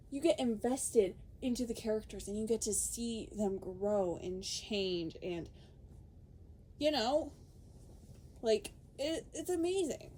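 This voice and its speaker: Brash, animated young woman ranting. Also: fairly high pitch, a little hiss or hum. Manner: animated, swearing, laughing, quoting in put-on voices. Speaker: podcaster. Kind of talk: ranting casual chat.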